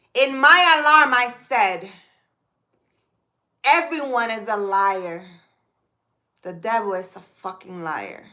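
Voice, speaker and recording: A woman, a spiritual healer, talking casually and reading scripture aloud slowly and emphatically, with occasional swearing and Spanish words. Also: sits high, bright, forceful tone. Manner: slow deliberate reading.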